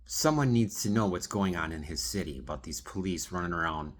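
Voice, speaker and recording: A man's voice: low voice, lively intonation, a little fast. A man speaking straight to one absent person in a rambling, pleading video monologue. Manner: rambling, restarts and trails off. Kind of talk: direct-address video monologue.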